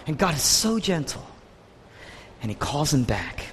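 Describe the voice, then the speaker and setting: Male pastor, sermon: high, animated, emphatic repeats; reverberant hall. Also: unhurried, long pauses, breathy edge. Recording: long reverb of a large hall.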